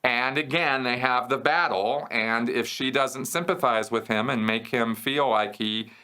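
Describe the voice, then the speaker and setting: A man's voice: medium pitch, steady tone, a little slow, bright, forceful tone, smooth. A man hosting a question-and-answer show, explaining a concept conversationally and checking in with the listener as he goes. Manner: conversational, checks in with "okay?" and "right?". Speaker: host answering viewer questions. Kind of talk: explanatory casual talk.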